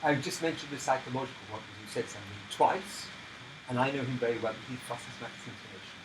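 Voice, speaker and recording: A man who teaches violin, talking about his student with animated delivery and loud sung rhythms. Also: medium pitch, quick pace, recorded from a distance, background noise. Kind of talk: lesson conversation. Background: violin playing.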